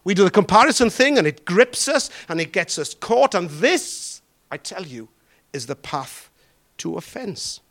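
A man preaching a sermon, drawing out key words and throwing questions to the congregation. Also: high-pitched. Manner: animated, drawn-out emphatic phrasing with questions to the congregation.

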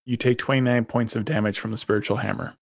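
A man's voice: on the low side, fairly even intonation, fast, vocal fry, no echo. A man narrating as game master in a tabletop game, matter-of-fact and apologetic when he deals damage.

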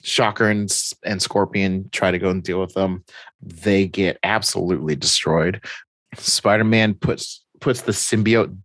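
Guy with a deep voice telling a comic story, does the characters' voices, dry close sound. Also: unhurried, dry recording. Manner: animated storyteller, acts out characters' lines. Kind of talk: casual chat recapping a comic story.

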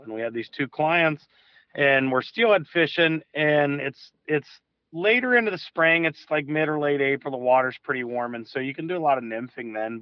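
A fishing guide calls in to a show, his medium-pitched voice coming through dull lo-fi call audio with no room sound. He tells a long story loosely and casually, restarting now and then and dropping the odd swear word.

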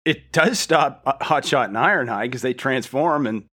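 A man's voice: mid-range voice, normal speed, a bit bright, husky. A man co-hosting a podcast, casually recapping a cartoon episode with dry sarcastic asides and rhetorical questions. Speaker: podcast co-host.

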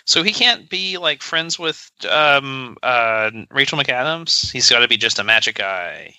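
Sarcastic man with a bright voice. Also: mid-range voice, animated, unhurried, dry recording. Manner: sarcastic, joking, rambling with many "like"s. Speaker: podcast co-host. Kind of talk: casual chat. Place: podcast recording session.

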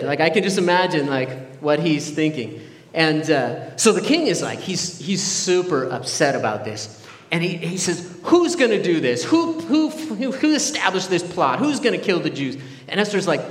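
A man retelling a Bible story as a casual sermon, chatty and jokey, full of "like" and "uh". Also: on the high side. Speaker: preacher. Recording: echoey hall with long reverb.

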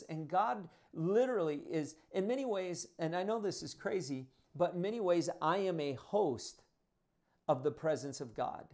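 A man's voice: on the high side, darkish tone. A male pastor delivering a sermon, talking in a conversational, earnest way and often restarting his phrases.

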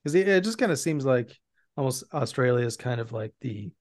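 A man's voice: mid-range voice, lively intonation, fairly quick, no room sound, studio quality. Teasing American man in podcast chat. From United States. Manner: teasing, argumentative. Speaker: podcast host. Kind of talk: casual chat.

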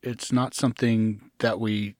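A middle-aged man in an interview, telling his own story in a halting way, often restarting, sometimes acting out the voices he quotes. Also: lowish voice, level tone, no room sound, clean studio sound. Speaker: guest.

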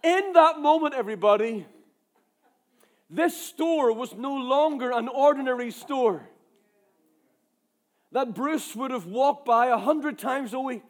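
A Northern Irish man preaching with an unusually high voice. He tells his story in an animated, emphatic way, driving each point home. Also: slow, long pauses. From Ireland. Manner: animated, emphatic, acts out dialogue. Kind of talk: storytelling sermon.

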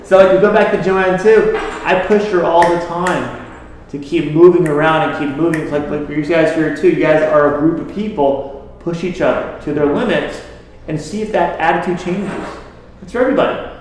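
A man with a slightly high voice talks casually to a group and tells stories about the patients he treats. He speaks in a conversational way. The recording has a lot of echo, like a big bare room. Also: normal speed, a little hiss or hum. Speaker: health practitioner treating patients. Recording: very echoey room.

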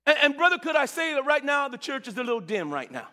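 A man preaching a sermon with enthusiasm, repeating words and swinging between loud calls and low murmurs. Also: very animated, quick pace, big-room sound.

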